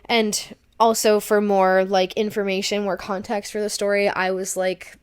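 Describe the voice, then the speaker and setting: A young woman with a smooth, resonant voice tells a long personal story on a podcast. She talks casually and acts out her own panicky lines as she goes. Her pitch sits at a middle level for a woman. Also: flat delivery, moderate pace. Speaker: podcast co-host.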